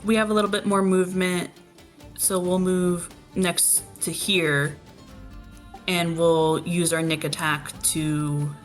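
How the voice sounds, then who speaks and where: A woman playing in a tabletop game, calmly and methodically explaining her moves. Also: on the low side. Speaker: player. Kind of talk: casual tabletop game chat.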